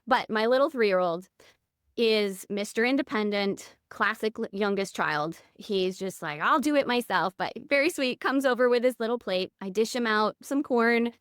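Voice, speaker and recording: A woman's voice: mid-range voice, smooth, no echo, studio quality. A woman in her thirties, a podcast guest telling personal stories in an earnest, candid way. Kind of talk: reflective interview conversation.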